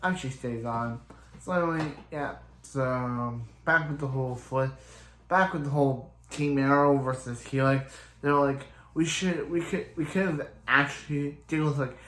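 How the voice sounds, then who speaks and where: A man talking through a recap in a loose, rambling way, stumbling and restarting often. He sounds roomy and echoey, as if recorded in a bare room. His pitch sits in the middle range for a man. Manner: rambling, halting retelling full of restarts and "he's like". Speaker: show reviewer. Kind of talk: casual episode recap.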